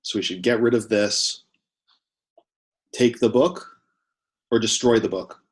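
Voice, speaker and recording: A man with a lowish voice speaking in character during a tabletop game. His tone is earnest and careful, weighing risks before he acts. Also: steady tone, unhurried. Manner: earnest, cautious. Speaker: player.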